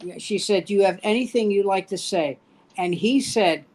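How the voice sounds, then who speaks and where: A man's voice: high voice, normal speed, a little mellow. A man in a casual comedians' chat, telling anecdotes in a dry manner with quoted punchlines. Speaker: comedian panelist.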